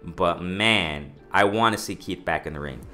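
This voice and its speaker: Casting: man, fired-up boxing vlogger, bright forceful voice, lowish pitch, faint music underneath. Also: unhurried. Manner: excited, repetitive, addresses "ladies and gentlemen", many restarts. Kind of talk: casual commentary monologue.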